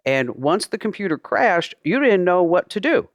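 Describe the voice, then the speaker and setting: Host playing a pushy tech-support scammer. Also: female voice, fairly low pitch, sing-song, normal speed, no room sound. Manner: rambling, insistent, full of restarts.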